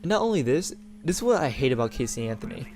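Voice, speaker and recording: A man's voice: medium pitch, sing-song, fast, a little mellow, a little hiss or hum. A young man hosting a gaming channel, talking in a rambling, indignant rant with many restarts. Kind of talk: casual opinion rant over gameplay.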